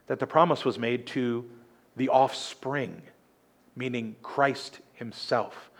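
A man preaching a sermon, retelling scripture with lively, emphatic storytelling. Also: mid-range voice.

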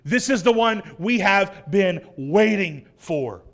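High-voiced preacher man, dramatic. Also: lively intonation, takes it slowly. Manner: dramatic scripture reading, swelling loud then dropping soft. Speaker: pastor. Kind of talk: sermon.

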